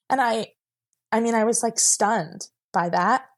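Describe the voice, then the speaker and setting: A woman's voice: fairly high pitch, a little slow. Young woman telling a personal story. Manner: rambling, heavy use of "like", laughs while telling. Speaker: guest sharing her story.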